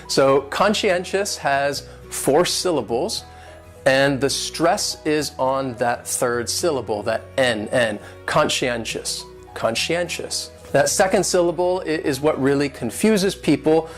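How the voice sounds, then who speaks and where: A man's voice: mid-range voice, unhurried, faint music behind. A man teaching English vocabulary, patiently breaking words into syllables and stress. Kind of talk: vocabulary and pronunciation lesson.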